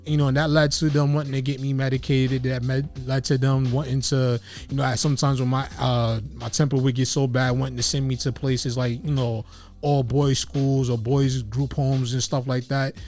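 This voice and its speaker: A man's voice: mid-range voice, level tone, moderate pace, darkish tone. A man hosting a casual interview show who talks in an earnest, reflective way and keeps leaning on "you know". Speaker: host.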